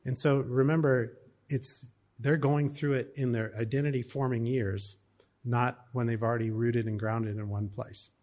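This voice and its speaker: A man's voice: mid-range voice, steady tone, normal speed, darkish tone. A middle-aged American man giving a talk to an audience, telling stories in a conversational way with plenty of fillers. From United States. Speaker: speaker on cross-cultural family life.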